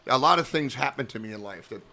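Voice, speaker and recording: A man's voice: mid-range voice, quick pace. A man, an actor and comedian, telling rambling, profane stories in a casual podcast chat. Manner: profane, rambling, animated storyteller.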